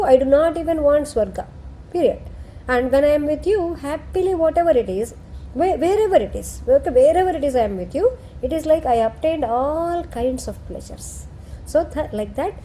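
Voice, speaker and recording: A woman's voice: sits high, warm tone, a little hiss or hum. A woman retelling a scripture story and explaining it. She keeps checking in with her listener. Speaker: scripture teacher.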